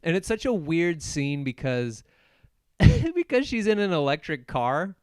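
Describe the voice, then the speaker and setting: A man hosting a podcast alone, casually recapping a film with jokes, laughs and quick put-on voices for the characters. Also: fairly high pitch, big pitch swings, a little mellow, clean tone, no echo, clean studio sound. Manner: joking, acts out movie characters in quick voices; laughs often while retelling. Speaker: podcast host. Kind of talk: solo casual movie recap.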